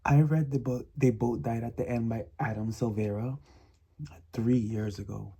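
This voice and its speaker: A man's voice: medium pitch, steady tone, moderate pace, creaky, mellow, husky. A man chatting casually in a reading vlog, emphatic and repetitive, often laughing and sometimes dropping to a whisper. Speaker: book vlogger.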